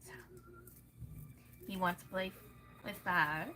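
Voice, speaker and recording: A woman's voice: fairly low pitch, steady tone, slow, sharp tone, slight background noise. A woman with a Southern US accent venting angrily and bluntly to camera, swearing freely. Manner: profane, heated, blunt. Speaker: vlogger. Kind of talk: angry venting rant.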